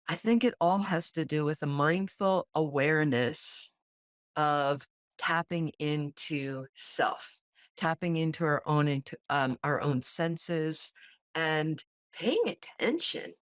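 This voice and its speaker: A woman co-hosting a podcast, talking in a slow, thoughtful way and searching for her words as she reflects. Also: sits low, no echo, clean studio sound. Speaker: podcast co-host. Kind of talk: reflective casual conversation.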